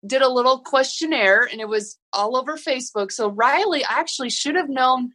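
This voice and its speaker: A woman's voice: sits high, animated, normal speed, pushed and bright. A woman playing a family quiz game, teasing and competitive, with frequent exclamations. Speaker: contestant. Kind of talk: casual game-show banter.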